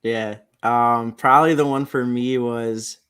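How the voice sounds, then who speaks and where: A man's voice: medium pitch, fairly even intonation, measured pace, a bit bright, clean tone. A man in his twenties, a podcast guest, chatting casually with lots of "like" fillers. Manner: laid-back, peppered with "like". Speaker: podcast guest, sports superfan. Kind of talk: casual interview chat.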